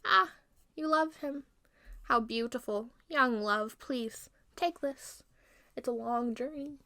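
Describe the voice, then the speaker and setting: A woman voicing the wicked queen disguised as a frail old woman, speaking in a soft, breathy, half-whispered way. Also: on the high side, slow, dry recording, studio quality, exaggerated voice. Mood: coaxing.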